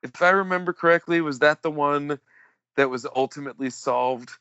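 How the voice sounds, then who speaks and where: A man co-hosting a casual film podcast, enthusiastic and quick to laugh, going over his notes. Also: on the high side, sharp tone, clean tone, no room sound, dull audio. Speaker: podcast co-host.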